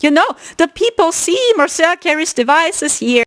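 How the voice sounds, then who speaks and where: A woman's voice: very high voice, moderate pace. A woman hosting a spiritual podcast, telling a story in a casual, emphatic way. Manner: animated, emphatic, retelling a story. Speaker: podcast host.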